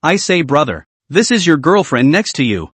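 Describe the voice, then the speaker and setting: A man's voice: a little high, sing-song, moderate pace, a bit bright, husky, no echo, heavily acted. A man reading as a blunt, chatty taxi driver. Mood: teasing. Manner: chatty, skeptical, rambling. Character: blunt talkative middle-aged male taxi driver. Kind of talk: scripted story narration.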